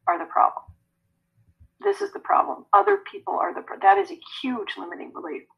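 A woman who works as an energy healer, answering podcast interview questions in a chatty, animated way. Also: mid-range voice, fast, gravelly, slightly rough, muffled recording. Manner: animated, conversational, laughs often.

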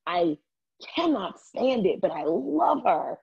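A woman's voice: medium pitch, slow, creaky, slightly rough, muffled recording. A woman from Maryland hosting a podcast, chatting casually and gossiping with a lot of laughter. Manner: gossipy, animated, laughs often. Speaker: podcast host. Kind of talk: casual chat.

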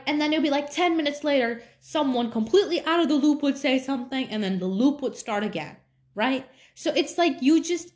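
An eighteen-year-old woman hosting a podcast, telling a personal story in a confiding, animated way. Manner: animated, confiding, swings from high to low. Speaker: podcast host.

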